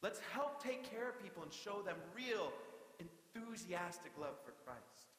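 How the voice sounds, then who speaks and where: A young man preaching a sermon as pastor, in a lively, conversational way with playful asides. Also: high voice, measured pace. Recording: echoey hall with long reverb.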